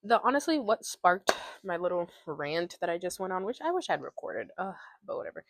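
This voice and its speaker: Woman, low pitch, opinionated, sarcastic, casual rant, dry close sound. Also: big pitch swings, brisk, no echo. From Ghana. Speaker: podcast host.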